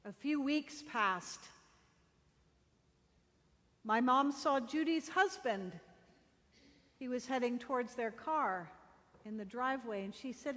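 A woman pastor delivering a sermon, telling a story slowly and deliberately with dramatic pauses. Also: on the high side, a bit bright, big-room sound.

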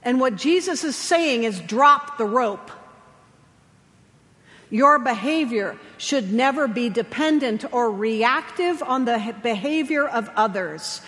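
A woman chaplain preaching a sermon, telling stories gently with slow, emphatic pauses. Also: fairly high pitch, animated. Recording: long hall reverb.

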